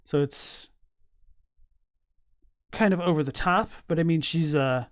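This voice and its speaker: On a live stream, a male streamer reacts to game lore, chatting casually and thinking out loud, full of fillers and restarts as he reads chat messages. His voice is a little high and slow, recorded dry at studio quality.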